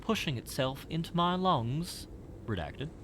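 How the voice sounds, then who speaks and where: A man's voice: on the high side, sing-song, a little slow, background noise, voice pushed up. A man voicing a paranoid, tormented apartment tenant in a desperate, anguished reading.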